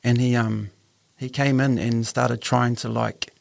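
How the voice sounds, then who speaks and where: A New Zealand man with a gravelly, creaky voice tells an earnest personal story on a podcast. His pitch sits in an ordinary middle range for a man. He acts out the voices of the people in his story as he goes. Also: little pitch movement, measured pace. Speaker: podcast host.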